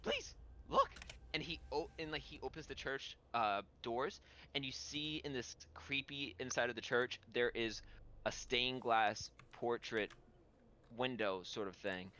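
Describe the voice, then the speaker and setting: A man's voice: mid-range voice, steady tone, a little slow, sharp tone. A man running a tabletop game as game master, narrating in a rambling, filler-heavy way.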